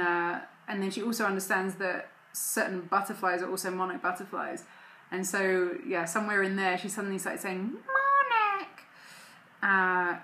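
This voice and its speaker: A woman's voice: mid-range voice, sharp tone, reverberant. A woman, a mother and vlogger, chatting casually to camera at home in a rambling way. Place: home room.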